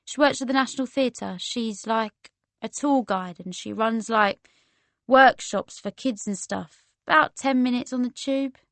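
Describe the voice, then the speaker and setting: A woman's voice: fairly high pitch, a little slow, no room sound. A woman voicing a friendly, laid-back young woman with a London accent who talks in casual slang. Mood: easygoing. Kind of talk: audiobook character voice.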